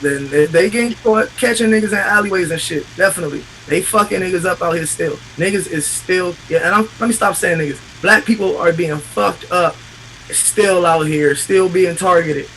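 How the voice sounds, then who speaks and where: A man's voice: high voice, moderate pace, a bit bright, a little hiss or hum, low-quality recording. A man talking in an emotional, profane casual chat as a podcast host, passionate and repetitive.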